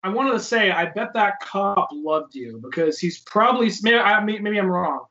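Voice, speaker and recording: Male co-host, bright tense voice, rambling and loose, dull call-quality audio. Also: high-pitched, animated, moderate pace. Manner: rambling storyteller, swears freely. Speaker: podcast co-host. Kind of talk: casual chat.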